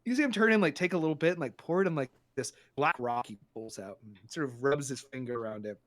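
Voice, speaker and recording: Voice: mid-range voice, quick pace. A game master narrating a tabletop game in a loose, chuckling way, full of fillers.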